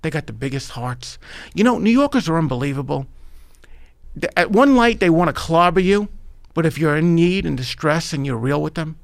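A middle-aged man from New York with a New York accent, a podcast guest telling his life story in an animated, emphatic way. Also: fairly high pitch, normal speed, creaky, no room sound. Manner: animated, emphatic, addresses the host by name. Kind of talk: storytelling in a conversational interview.

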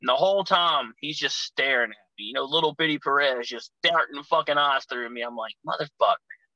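A man's voice: medium pitch, a little fast, sharp tone, no echo, rough recording. A man telling rowdy, profane road stories as a guest on a casual podcast. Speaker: guest, pro wrestler.

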